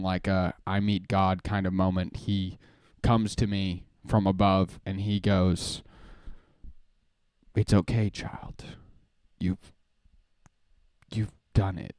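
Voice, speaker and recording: A man's voice: on the low side, a little mellow, smooth, no room sound, studio quality. A young man hosting a live stream, chatting casually in a rambling, joking way and often laughing. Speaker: streamer host.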